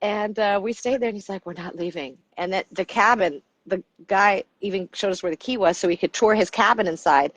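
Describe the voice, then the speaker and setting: A woman's voice: mid-range voice, a little fast, hardly any pauses. A middle-aged woman from the United States, a coach, telling stories in a casual interview and acting out the people she quotes. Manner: animated storyteller, acts out quotes. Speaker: podcast guest, coach.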